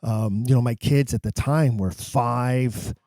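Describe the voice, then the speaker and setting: A man's voice: medium pitch, takes it slowly, dark tone, no room sound, studio quality. A man co-hosting a podcast, telling a story in casual conversation and acting out the people he quotes. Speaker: podcast co-host.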